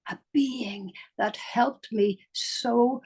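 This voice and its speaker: Slow, husky older woman. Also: a little high, fairly even intonation. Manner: slow and musing, drops into soft whispers. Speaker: spiritual teacher. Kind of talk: reflective spoken talk.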